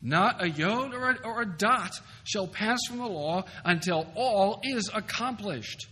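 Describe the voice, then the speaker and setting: A man giving a theology lecture at a conference, emphatic and animated, with wry asides. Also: high-pitched, measured pace, husky. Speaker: seminary professor lecturing. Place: conference hall. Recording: hall reverb with faint noise, 2004 recording.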